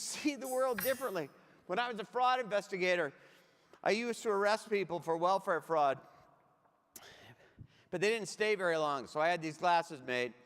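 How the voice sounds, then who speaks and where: Over echoey reverb in a large conference hall, a middle-aged man with a high-pitched, fairly bright voice gives a funny motivational keynote. On a stage mic, he tells punchy stories and turns aside to address the audience.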